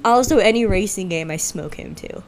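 A young woman co-hosts a podcast, chatting casually and telling animated stories full of laughter and acted-out voices. Her voice sits at a medium pitch and moves at a normal speed, with a little hiss or hum in the recording.

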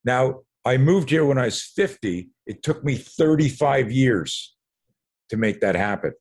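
A man's voice: mid-range voice, very animated, measured pace, a little mellow, breathy edge. A man in his sixties from Canada, a podcast guest who tells stories with energy, acts out other people's lines and often repeats words mid-sentence. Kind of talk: animated storytelling.

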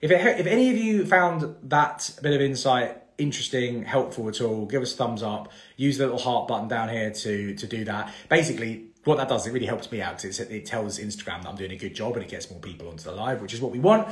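A man's voice: medium pitch, fast, hardly any pauses. Chatty man in his thirties, echoey room. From England. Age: 30s. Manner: chatty, rambling, many fillers and restarts. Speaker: mortgage broker hosting a live Q&A. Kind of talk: casual live-stream Q&A.

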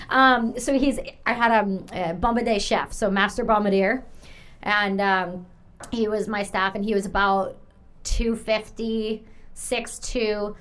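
A woman's voice: medium pitch, fairly even intonation, moderate pace. A woman from Canada hosting a casual interview, chatty and rambling, with lots of fillers. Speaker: podcast host.

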